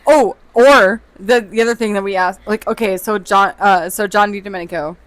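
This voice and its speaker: A woman's voice: mid-range voice, a bit bright. Jokey woman co-host. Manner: quick, jokey, keeps steering questions. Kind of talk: casual chat.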